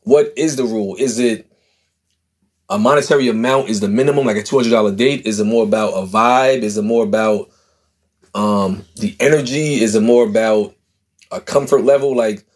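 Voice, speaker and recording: A man's voice: fairly low pitch, moderate pace. A man hosting a casual podcast chat, talking in a loose, rambling way and laughing often. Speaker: podcast host.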